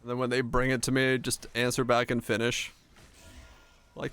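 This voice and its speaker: A man's voice: medium pitch, level tone, normal speed, fairly bright tone, clean tone. A man streaming a game, chatting casually and rambling between jokes. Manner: rambling, joking, laughs often. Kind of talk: casual gameplay chat.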